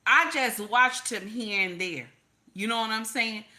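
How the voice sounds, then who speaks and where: A woman's voice: a little high, unhurried, bright, forceful tone. A woman, giving sassy, repetitive livestream commentary and reading viewer comments aloud. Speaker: commentary streamer.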